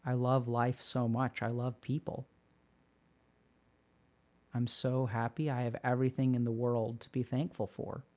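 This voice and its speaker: A man voicing a creepy, overly blissful male stranger, speaking in an eerily calm, low, soft voice. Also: unhurried, long pauses, natural voice. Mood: eerie calm.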